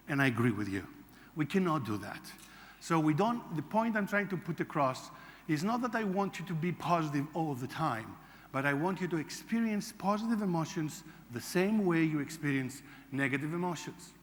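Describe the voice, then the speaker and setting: A man from Greece, a psychology lecturer giving an animated conference talk and acting out quotes. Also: on the high side, brisk. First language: Greek. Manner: animated storytelling, acts out quotes. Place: large conference hall. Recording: reverberant hall.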